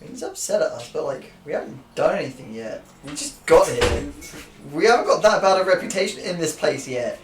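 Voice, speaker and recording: An animated man chimes in at a gaming table, his voice jumping around a lot in pitch. He jokes with the group. He sounds distant, in an echoey room with faint noise behind him. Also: fairly quick. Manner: animated, joking. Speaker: player. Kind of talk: casual tabletop play.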